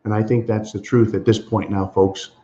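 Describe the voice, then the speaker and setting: A man's voice: fairly low pitch, flat delivery, moderate pace, warm tone. An indignant American man hosting a political commentary monologue, talking emphatically and calling his listeners folks. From USA. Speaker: channel host. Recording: slightly dull lo-fi sound.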